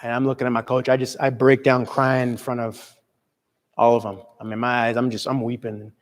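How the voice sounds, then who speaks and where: A young man, a motivational speaker, telling a personal story with earnest, dramatic swings between loud and soft. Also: mid-range voice, little pitch movement, a little fast, big-room sound. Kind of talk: storytelling talk to an audience.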